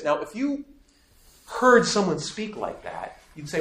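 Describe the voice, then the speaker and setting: A man's voice: fairly high pitch, wildly swooping pitch, normal speed, a bit bright. A man teaching a faith class to a live audience, emphatic and asking the room questions. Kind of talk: lively classroom lecture. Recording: echoey room.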